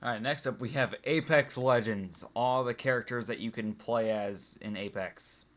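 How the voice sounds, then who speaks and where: A man's voice: medium pitch, moderate pace, fairly bright tone. A young man talking casually as he ranks things, rambling with many ums and restarts. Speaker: vlogger. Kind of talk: casual tier-list ranking chat.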